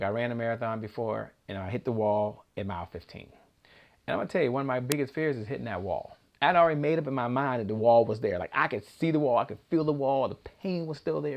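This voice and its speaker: A man's voice: medium pitch, gravelly. A man hosting a motivational broadcast, telling a story and chanting affirmations to rouse his listeners. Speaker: show host.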